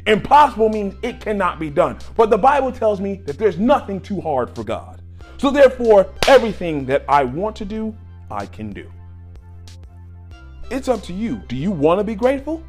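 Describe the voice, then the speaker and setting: A man preaching a sermon on gratitude in an exhorting way, moving from low talk to loud shouts. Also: very animated, normal speed, faint music behind.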